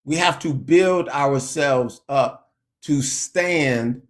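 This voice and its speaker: Slow, emphatic male preacher. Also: a little high. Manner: slow, emphatic preaching with sharp rises on scripture quotes. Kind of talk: sermon.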